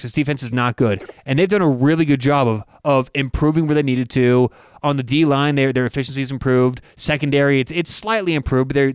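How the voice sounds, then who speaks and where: A man co-hosting a sports betting show, breaking down college football picks in an energetic, excitable way. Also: medium pitch, smooth, dry recording, clean studio sound. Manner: energetic, excitable, with sudden loud cheers. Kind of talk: casual sports betting chat.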